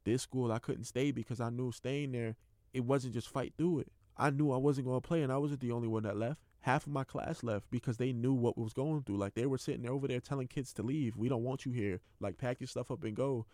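A man's voice: mid-range voice, fairly even intonation, a little mellow, no room sound, clean studio sound. A young man, a college football player, hosting his own podcast and speaking candidly and earnestly about his life, with lots of casual fillers. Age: young adult. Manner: earnest, heartfelt, rapid and loose with many fillers. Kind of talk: candid personal monologue.

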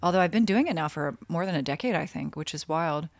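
Low-voiced woman in casual chat. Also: expressive, fast talker, no echo. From North Carolina. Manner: chatty, self-correcting, laughs easily. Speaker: guest writer.

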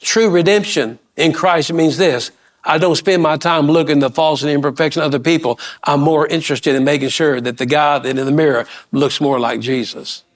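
A middle-aged pastor preaches with a fairly high, lifting voice. He pushes his points with rising emphasis and quick questions to the pews. Folksy asides and repeated words run through his talk. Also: fairly even intonation. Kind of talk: sermon.

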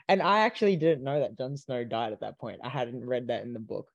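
A man explains himself in a casual chat, a little sheepish. His pitch is mid-range. The recording is close and dry. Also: lively intonation, fairly quick, few pauses, no echo.

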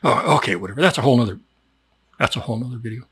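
A man's voice: medium pitch, lively intonation, very fast, fairly bright tone, slightly rough. A man giving a rambling, jokey mock-educational monologue and laughing at his own jokes. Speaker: comedic video host.

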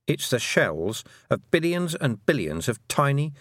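A brisk, emphatic witch and schoolteacher, as a male reader puts her on, lecturing in a high, swooping voice that leans hard on its words. The read is close and dry, with no room around it. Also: sing-song, a bit bright, no room sound. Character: brisk, sharp-tongued woman witch and teacher. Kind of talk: audiobook character voice.

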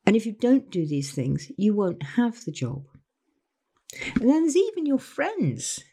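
Older woman, motivational coach, mellow tone, lively pitch. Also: a little slow, breathy edge. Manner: earnest, acts out other people's voices when quoting them. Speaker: life coach. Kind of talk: motivational talk to camera.

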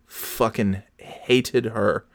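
Low-voiced man ranting with profanity. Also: extremely slow, no echo, clean studio sound. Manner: profane, animated storytelling. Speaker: podcast host, parent. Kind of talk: casual ranting monologue.

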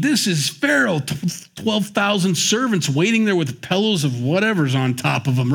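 A man's voice: high-pitched, vocal fry, husky. A man teaching the Bible in a conversational, joking way, acting out the scenes as he goes. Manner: animated, joking storyteller who acts out the scenes.

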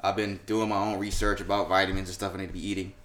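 A man hosting a casual sports and pop-culture podcast, profane and laughing, swinging between loud and quiet. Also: low-pitched, level tone, very fast. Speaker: podcast host.

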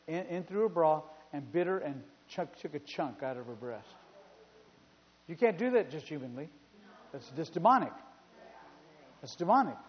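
A male pastor preaching a sermon in a church, telling stories in an animated way and repeating phrases for emphasis. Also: fairly high pitch. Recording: reverberant hall, dull sound.

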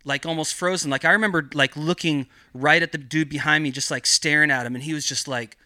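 A man's voice: a little high, fairly even intonation, quick pace, bright, forceful tone, no echo, studio quality. A man guesting on a podcast, telling a story in casual style with heavy swearing and lots of rambling filler. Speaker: podcast guest, cannabis grower.

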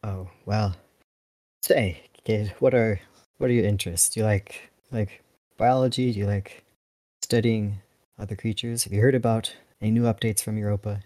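A man's voice: low-pitched, steady tone, a little slow, darkish tone, no echo. A man voicing an adult male uplifted dolphin pilot in a tabletop role-play, speaking formally and calling the listener "child". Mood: eager. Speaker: player.

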